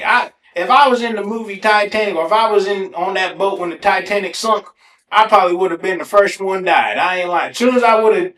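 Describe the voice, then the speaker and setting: A man hosting a podcast alone, telling funny stories in a casual, animated way and swearing freely. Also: high voice. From Ohio, USA. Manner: animated, swears casually, breaks into exaggerated self-mocking. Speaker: podcast host. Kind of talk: casual solo storytelling. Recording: echoey room.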